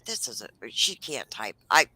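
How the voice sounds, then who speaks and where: A woman's voice: extremely low pitch, sing-song, normal speed, pushed and bright, breathy edge, no echo, low-quality recording. A woman co-hosting a casual livestream, reading out news updates and adding wry comments.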